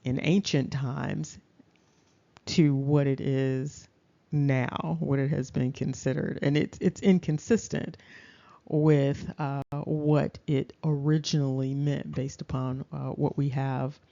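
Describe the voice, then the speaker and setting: Slow, mellow-voiced woman lecturing. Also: extremely low pitch, level tone, creaky. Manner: deliberate, checks in with "okay?". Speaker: lecturer presenting slides. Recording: dull lo-fi recording.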